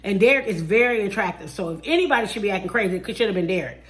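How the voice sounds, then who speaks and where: A woman reviewing a reality TV show in a casual chat. She is blunt and sassy, with animated outbursts and mocking impressions of the people she discusses. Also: medium pitch, rapid-fire. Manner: mimics people in mocking voices.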